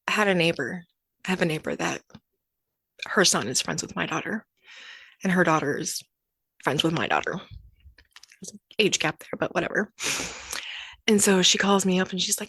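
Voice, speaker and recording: A woman's voice: lowish voice, moderate pace, long pauses, fairly bright tone, slightly rough, no room sound. A young adult woman hosting her own podcast, telling a personal story in a candid, conversational way and acting out the exchanges she describes. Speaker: podcast host.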